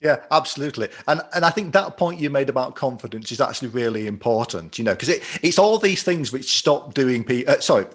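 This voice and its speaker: A man hosting an interview, asking thoughtful questions in a relaxed conversational way. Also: medium pitch, brisk, few pauses, slightly rough. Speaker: interview host. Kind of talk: casual interview chat.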